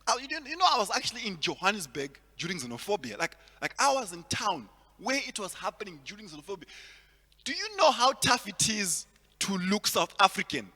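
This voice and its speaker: A man from Zimbabwe performs a stand-up set at a virtual event in a large hall, his high voice moving fairly quickly under long hall reverb. He tells animated stories and acts out the characters, with big swings in loudness.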